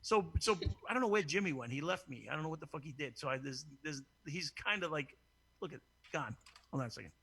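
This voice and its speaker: A man hosting a crude, casual call-in show, brash and profane and quick to laugh. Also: a little high, lively intonation, pushed and bright, husky. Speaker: host.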